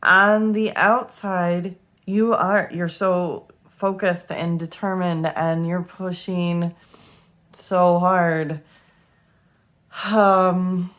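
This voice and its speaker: A woman's voice: fairly low pitch, steady tone, extremely slow, fairly bright tone. A young woman giving a tarot reading to camera, emotional and close to tears, swearing freely as she talks. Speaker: tarot reader.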